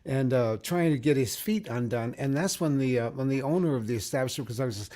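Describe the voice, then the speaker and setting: A man co-hosting a casual chat show, telling jokes in an animated way and laughing as he goes. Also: mid-range voice, brisk. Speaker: co-host.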